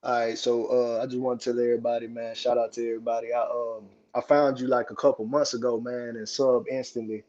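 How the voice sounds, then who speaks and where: A man calls into a live show and rambles through his argument in a flat, even voice with little rise or fall. His tone is dark and mellow, and his line sounds dull and lo-fi. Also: medium pitch, fast talker, hardly any pauses. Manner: rambling, full of fillers. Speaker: caller. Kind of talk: casual call-in commentary.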